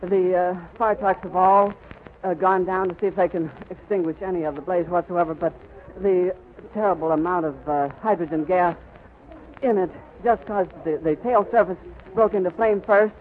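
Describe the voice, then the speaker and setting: Outdoors on an airfield, a man gives a vivid, flowing, on-the-spot live radio report. His voice sits high with a steady tone at a moderate pace, heard through a crackly 1930s radio recording with a phone-like band.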